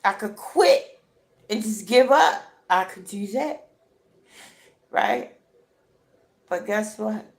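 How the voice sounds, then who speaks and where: A tearful woman speaks slowly and deliberately, crying as she talks. Her delivery is emphatic and repetitive, full of little "right?" check-ins, like a heartfelt motivational talk. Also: mid-range voice, expressive. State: tearful, crying while talking. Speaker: vlogger.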